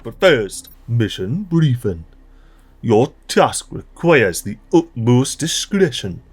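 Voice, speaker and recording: Man, casual gaming host, slangy and upbeat, faint background music. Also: fairly high pitch. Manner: chatty, excitable, frequent mild swearing and local slang. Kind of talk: casual let's-play commentary.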